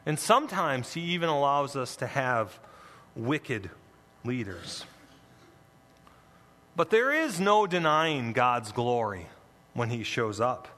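A male pastor preaches slowly and emphatically, his bright voice swinging widely in pitch. He drops in playful asides. A long reverb trails every phrase, as in a large church. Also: sing-song. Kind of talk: sermon.

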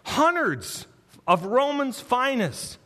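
A man preaching an expository sermon, earnest and emphatic, with dramatic pauses. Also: extremely high pitch, very animated, fairly bright tone, in a large hall. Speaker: pastor.

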